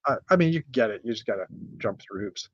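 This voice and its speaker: A middle-aged man from North America hosting a casual chat, rambling through a list with many pauses and restarts. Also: lowish voice, expressive, lo-fi sound. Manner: rambling, lots of uh and restarts, shows builds one by one. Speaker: podcast host.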